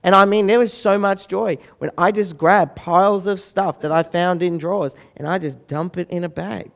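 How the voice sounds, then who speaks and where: A man's voice: high-pitched, normal speed, gravelly. A man, telling a humorous story to an audience and acting out the voices of people in it. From Australia. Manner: animated, acts out the voices of people in his story. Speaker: speaker.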